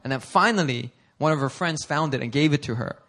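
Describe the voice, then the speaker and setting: Brief: man, pastor, storytelling sermon, bright and a bit high, lively and chatty. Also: a little fast. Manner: animated, conversational, laughs often. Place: church service before a congregation.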